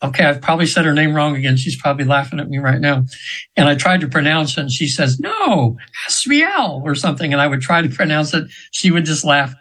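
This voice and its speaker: A man's voice: on the high side, fairly even intonation, quick pace, a bit bright, low-quality recording. A man in his seventies telling stories in an earnest, rambling way, with many fillers and restarts, as an interview guest. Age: 70s. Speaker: guest hypnotherapist. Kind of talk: casual storytelling in an interview.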